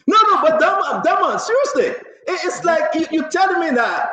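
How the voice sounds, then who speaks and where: A man hosting a political talk show, excitable and mocking, laughing often and repeating his words. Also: extremely high pitch, fairly quick. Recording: roomy, dull lo-fi sound.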